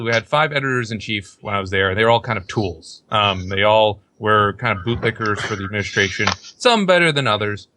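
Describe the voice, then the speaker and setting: A man's voice: fairly low pitch, bright, forceful tone, slight background noise. A young man hosting a casual podcast chat, rambling and outspoken, often acting out what others said. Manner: rambling, outspoken, quotes others in put-on voices. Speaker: podcast host.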